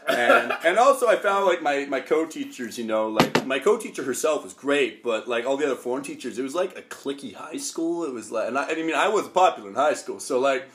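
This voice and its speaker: A young Canadian man from Calgary, a guest in a casual chat, telling travel stories in an animated, jokey way with frequent swearing. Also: medium pitch, brisk, hardly any pauses, a little hiss or hum.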